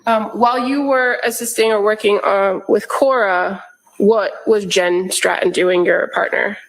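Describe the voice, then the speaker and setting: A woman's voice: mid-range voice, fairly even intonation, creaky. Woman questioning a witness in an echoey courtroom. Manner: methodical, measured questions with frequent ums. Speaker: prosecutor.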